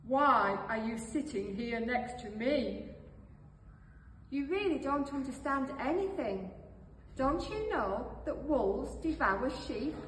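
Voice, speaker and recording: A woman voicing a proud old male wolf with a deep, grumbling voice, read aloud in a storybook tale. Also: animated, takes it slowly, slight background noise. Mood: gruff boasting. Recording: echoey hall, voice from far off.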